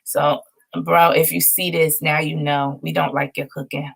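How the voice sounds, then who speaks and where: Gravelly-voiced woman telling a story. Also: sits low, normal speed. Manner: chatty and animated, laughing often, dishing playful shade. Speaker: vlog host. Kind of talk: casual storytelling to viewers.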